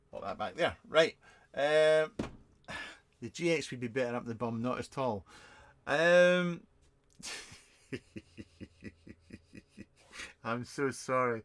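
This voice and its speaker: Speaking from his home shed on a live stream, this British vape reviewer and channel host, past 50, chats casually while answering viewer questions. His male voice is mid-range and fairly bright, and he rambles, mocks himself, jokes sarcastically and uses plenty of fillers.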